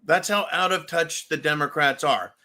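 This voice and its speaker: A man hosting a livestream commentary show, talking in a loud, ranting way and laughing often. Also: on the high side, normal speed. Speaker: show host.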